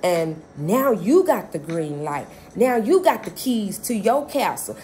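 A woman's voice: on the high side, darkish tone, a little hiss or hum. A woman giving a casual tarot reading from inside a car. She is chatty and swears freely, and often checks in with "okay?". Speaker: tarot reader. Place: inside a car while traveling.

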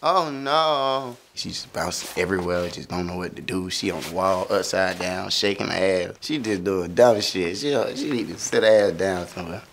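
A man's voice: sits low, normal speed, creaky, hardly any pauses, a bit bright, slight background noise. A young man talking casually through his own song lyrics, loose and laughing, slipping into sung lines now and then. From Florida. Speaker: rapper explaining his lyrics.

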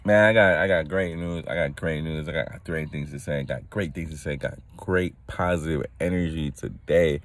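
A man hosting his own podcast, talking loosely and excitedly, rambling with restarts and laughing at his own jokes, a bit tired from little sleep. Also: a bass voice, moderate pace, few pauses. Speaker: podcast host. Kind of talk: casual solo podcast rant.

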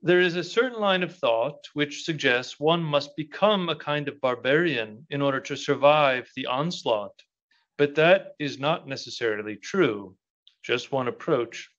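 A man, a monastic prior, giving a measured keynote speech and then answering a question with many pauses and fillers. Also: on the high side, lively intonation, fairly bright tone, lo-fi sound. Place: conference hall.

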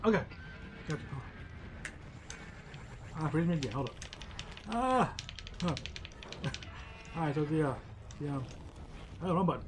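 A man co-hosting a casual game playthrough, joking, laughing often and breaking into excited exclamations. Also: on the high side, unhurried, long pauses, noisy background. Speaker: let's play co-host. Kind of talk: casual gameplay chat.

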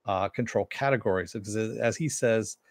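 A man's voice: on the low side, brisk, no room sound, studio quality. A man giving a loose, rambling recap of a TV episode, with many fillers and asides. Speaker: TV episode reviewer.

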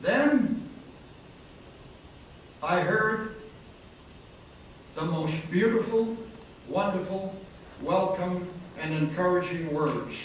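A male preacher tells a dramatic story at a slow, deliberate pace. His voice sits fairly high for a man. The sound is recorded from across a very echoey hotel hall, with faint noise behind it. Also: recorded from a distance.

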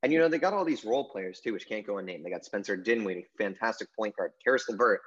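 A man's voice: lowish voice, animated, quick pace, husky, muffled recording. A man co-hosting a sports podcast in casual chat, rambling through his takes with plenty of "I mean" and "you know" fillers.

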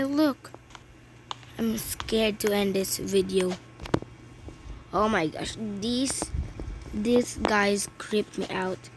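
A woman from the Philippines, giving excitable, chatty commentary on her gameplay with many exclamations. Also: mid-range voice, slow pace, pauses often. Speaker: gaming channel host. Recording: clear background noise with clicks.

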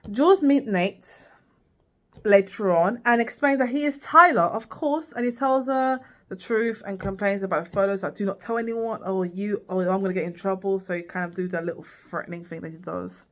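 A woman recapping a TV series in a casual vlog, rambling with lots of fillers and restarts and acting out lines. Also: medium pitch. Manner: rambling, many fillers and restarts, acts out quotes. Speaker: TV series reviewer.

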